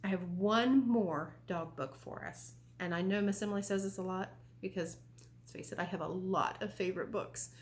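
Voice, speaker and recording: A woman's voice: mid-range voice, normal speed. A young adult woman, a librarian, reading a children's picture book aloud, playful and full of questions for the kids. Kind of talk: children's storytime read-aloud. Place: library room. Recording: roomy echo.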